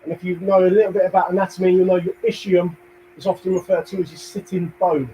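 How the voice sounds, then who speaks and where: Upbeat London fitness coach counting reps. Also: male voice, sits high, level tone, quick pace, warm tone, a little hiss or hum, poor audio. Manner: upbeat, counts reps, jokey asides, cheers viewers on. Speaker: fitness instructor. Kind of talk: live home workout coaching.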